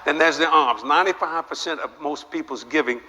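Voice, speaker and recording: A man's voice: fairly high pitch, fairly quick. An older man preaching a sermon to a live audience, telling stories with jokes and firing rhetorical questions at the crowd. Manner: animated, joking storytelling with repeated rhetorical questions. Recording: long hall reverb, faint background noise.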